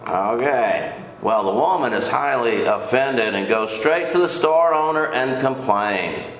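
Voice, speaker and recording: A man's voice: mid-range voice, lively intonation, measured pace, a bit bright, slight background noise. An older man teaching a casual Bible lesson in a folksy, rambling way, often repeating himself. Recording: echoey room.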